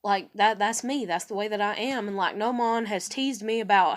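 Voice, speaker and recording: A woman's voice: on the high side, animated, moderate pace. A woman vlogging a casual, irritated rant, swearing often and acting out conversations in quoted voices.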